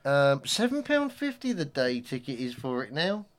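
A man's voice: medium pitch, very animated, moderate pace. A man telling a rambling anecdote in casual chat, often acting out what people said. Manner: chatty anecdote-teller, slips into quoted voices.

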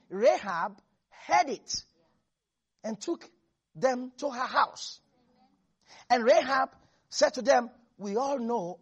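A preacher giving a lively sermon, swinging between loud exclamations and quiet low asides, often laughing. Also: breathy edge, lo-fi sound. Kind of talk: animated sermon.

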